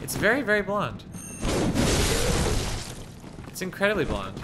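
A man's voice: sits high, big pitch swings, a little slow, over loud music. A man streaming a game live, casually chatting and teasing his chat. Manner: playful, teasing, reads chat aloud.

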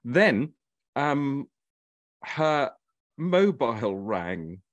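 A man's voice: mid-range voice, big pitch swings, drawn-out words, no echo, muffled recording. A man, a writer and actor, chatting as an interview guest and telling stories with animation and chuckles. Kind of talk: casual chat on a video call.

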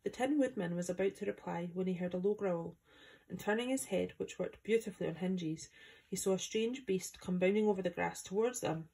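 Woman, from Scotland, reading a children's book aloud, steady storytelling, mellow, husky. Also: fairly low pitch, a little fast. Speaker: volunteer reader.

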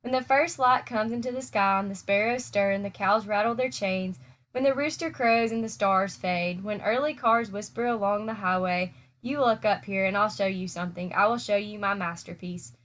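A wise, kindly female spider with a calm, soothing way of speaking, as a woman reading a storybook aloud puts her on. She sounds tired but reassuring. The pitch is a woman's middle register. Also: normal speed, lightly acted. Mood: gentle.

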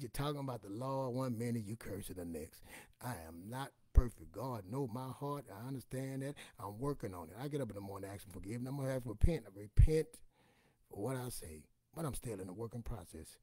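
A man gives a motivational talk full of personal stories. He speaks in a loose, colloquial way, swears casually, and sits at an ordinary pitch. The recording is close and dry. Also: animated, fast talker, mellow, husky, no room sound. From Louisiana, US.

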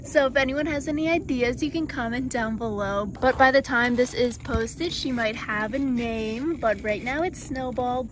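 A woman's voice: on the high side, moderate pace, few pauses, a little hiss or hum. A young woman chatting casually in her vlog, bubbly and cooing at her pets. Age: young adult. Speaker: vlogger.

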